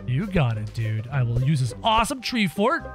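A man's voice: medium pitch, very animated, moderate pace, music in the background. A man commentating on his game as he plays, in a playful, sarcastic, exclaiming way. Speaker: gaming video host. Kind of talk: let's-play commentary.

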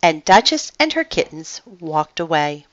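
A woman reading a children's picture book aloud with expressive storytelling. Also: low voice, unhurried, no echo, muffled recording.

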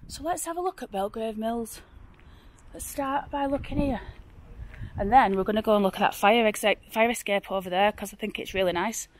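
A woman's voice: fairly high pitch, fairly quick, slight background noise. Chatty Oldham woman on a walking vlog. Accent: Oldham, with creeping Yorkshire. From Oldham, northwest England. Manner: chatty, exclamatory, rambling. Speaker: vlogger. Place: outdoors on streets. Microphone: handheld phone camera.

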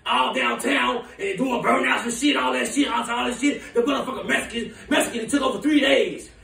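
A man playing a furious, foul-mouthed woman who runs a big city, ranting in shouts and laughter. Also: extremely high pitch, fairly quick, vocal fry, full character voice. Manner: shouting, profane, laughing rants. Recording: echoey room, voice from far off.

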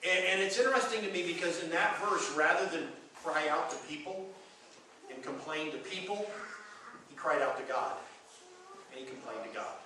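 A man with a high, bright voice preaches a sermon to his congregation. He presses each point with emphasis and often doubles his words. The sound comes from a distant mic in a booming, echoey church hall with faint background noise. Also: normal speed. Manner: emphatic, stumbling repeats of words. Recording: echoey hall recorded from far off.

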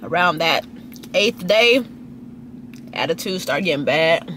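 Her intonation is lively and her pace slow, set against a noisy background. She's a young lifestyle vlogger from Dallas, Texas, gossiping casually to her phone camera as she people-watches in a restaurant, her pitch jumping and swooping.

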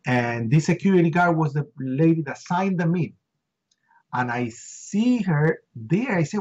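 A middle-aged man, an interview guest, recounting a harrowing first-hand story with emotion, repeating words and acting out shouts. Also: a little high, expressive, measured pace, slightly rough, muffled recording.

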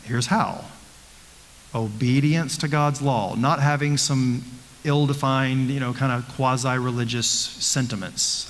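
A man's voice: mid-range voice, fairly even intonation, a little slow, slight background noise. Earnest man teaching in a reverberant church. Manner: earnest, rhetorical questions, frequent restarts. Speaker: pastor. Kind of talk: conversational Bible study teaching.

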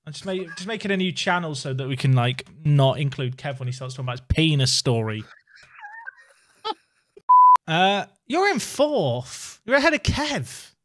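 A man's voice: fairly high pitch, big pitch swings, moderate pace. A man hosting a game stream, joking with friends over a voice call in a dry, teasing way. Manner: dry teasing, mock-accusing. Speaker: streamer and host. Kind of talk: casual banter on a game stream.

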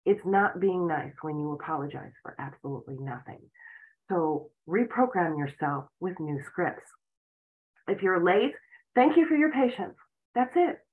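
A woman giving an earnest self-help talk as a relationship and spiritual coach, explaining points with frequent "you know"s. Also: low-pitched. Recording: tinny phone-like audio.

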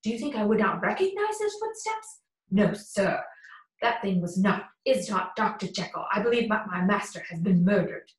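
A woman's voice: medium pitch, sing-song, normal speed, close to an everyday voice. Brief: woman reading a fearful male butler, pleading, audiobook, echoey room. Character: loyal, frightened older male butler. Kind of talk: audiobook character voice. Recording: roomy echo.

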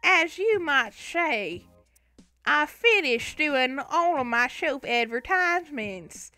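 High, bright sleep-deprived woman streamer. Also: sing-song, slow, dry recording, soft background music. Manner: chatty, bursts into loud startled yelps. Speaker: gaming streamer. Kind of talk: casual livestream chat.

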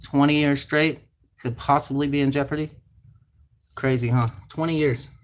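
A man's voice: fairly high pitch, steady tone, normal speed. A man hosting a card break, calling out card names and numbers in chatty, casual talk, sounding flustered and distracted. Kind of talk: casual card-opening commentary.

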